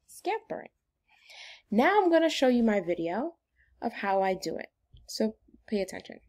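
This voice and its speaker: A woman's voice: fairly high pitch, sing-song, normal speed, darkish tone. A woman teacher giving a phonics lesson to young children in an upbeat, sing-song way.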